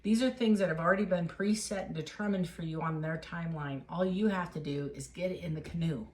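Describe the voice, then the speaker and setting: A woman's voice: fairly low pitch, a little fast, darkish tone. A woman giving a casual tarot reading, talking straight to the viewer in an encouraging, emotional way. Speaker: tarot reader.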